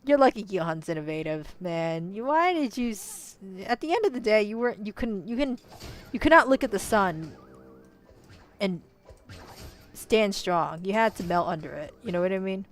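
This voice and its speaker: A woman in a casual, rambling commentary, full of "you know"s and self-corrections, swinging between quiet musing and loud outbursts. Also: mid-range voice, expressive, moderate pace, faint music behind. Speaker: vlogger.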